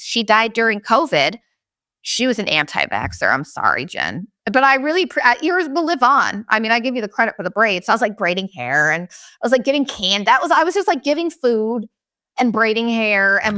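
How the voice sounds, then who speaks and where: Animated, bright-voiced profane woman ranting. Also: fairly high pitch. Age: 40s. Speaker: podcast host. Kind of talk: casual comedic storytelling monologue.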